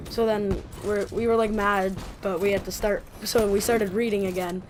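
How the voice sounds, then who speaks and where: A woman vlogger telling a casual story, rambling and animated with many fillers. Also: mid-range voice, normal speed, slight background noise.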